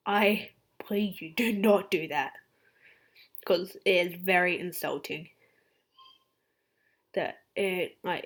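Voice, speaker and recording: A woman with an Australian accent casually reading out facts in a chatty, excitable way, sometimes dropping into whispered asides. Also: mid-range voice. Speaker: fan channel host. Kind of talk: casual fact-reading vlog.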